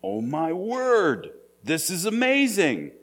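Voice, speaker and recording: Lively, animated male preacher. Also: high voice, slow pace. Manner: animated storytelling, conversational. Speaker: pastor. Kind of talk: sermon.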